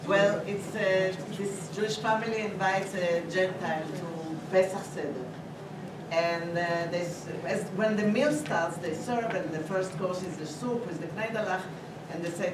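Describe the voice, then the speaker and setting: A woman's voice: fairly low pitch, moderate pace. A woman from the audience tells a joke hesitantly, with many fillers. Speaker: audience member telling a joke. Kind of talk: live joke telling. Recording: echoey hall, distant mic, background noise.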